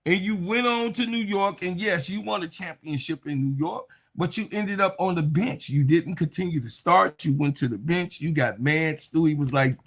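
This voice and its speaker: A man talks through a sports reaction video in a casual, slangy way. His voice sits a little high, and he turns mocking and animated as he acts out what others said. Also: normal speed, hardly any pauses. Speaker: sports commentator.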